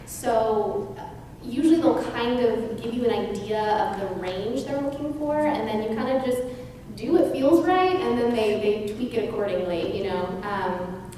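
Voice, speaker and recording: A woman's voice: fairly high pitch, moderate pace, warm tone, distant mic. Bubbly young woman in a noisy hall. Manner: bubbly, laughs easily. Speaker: voice actor on a convention panel. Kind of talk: casual panel talk. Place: large convention hall. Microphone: far from the camera mic. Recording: echoey noisy hall from the audience.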